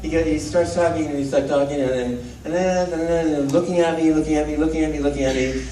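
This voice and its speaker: Male voice actor, panel Q&A, lively storyteller, caught from far off on a phone mic with faint hum behind. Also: fairly high pitch, fairly quick. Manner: animated, playful, acts out quoted dialogue. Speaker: voice actor, convention panel guest. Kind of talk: storytelling Q&A with an audience. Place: large convention hall. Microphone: phone recording from the audience. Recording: echoey hall, distant phone mic.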